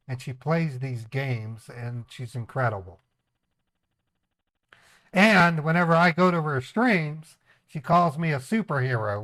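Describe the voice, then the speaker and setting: A man's voice: fairly high pitch, fairly bright tone, no room sound. A man hosting a casual livestream. He chats, laughs often and slips into voices. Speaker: streamer, scam baiter.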